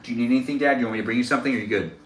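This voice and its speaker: A man's voice: medium pitch, very fast, reverberant, slight background noise. A man hosting a casual live stream while cooking in his home kitchen, rambling and chatting with viewers as he reads their comments aloud.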